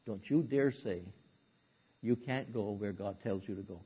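A man preaching a sermon, who swings from loud, dramatic outbursts to low, hushed asides. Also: measured pace, slightly rough, highs cut off.

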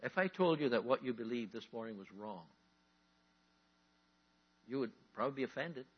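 A man preaching a sermon as a pastor, emphatic, drawing out key words and rising into animated bursts. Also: medium pitch, normal speed, husky. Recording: dull lo-fi recording.

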